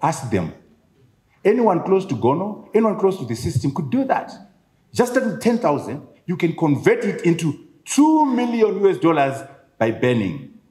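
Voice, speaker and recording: Emphatic Zimbabwean man giving a lively speech. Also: high voice. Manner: emphatic, rhetorical questions and repetition. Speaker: author speaking at his book launch. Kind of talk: public speech. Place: event venue, echoing room. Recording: echoey room.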